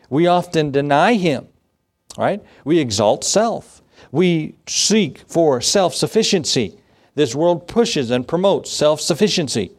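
A man's voice: fairly high pitch, darkish tone. A man, a pastor, giving a conversational sermon with laughs and acted asides. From United States.

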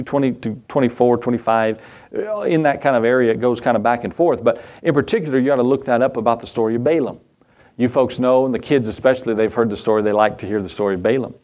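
A man's voice: mid-range voice, a little mellow. A middle-aged man preaching a sermon in a folksy way, asking the congregation questions and acting out the voices he quotes. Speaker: pastor.

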